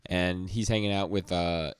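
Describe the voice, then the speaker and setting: A man's voice: low-pitched, steady tone, moderate pace, smooth, dry recording, clean studio sound. A young man co-hosting a podcast, chiming in with laid-back jokes while recapping a comic. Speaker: podcast co-host. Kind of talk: casual chat recapping a comic.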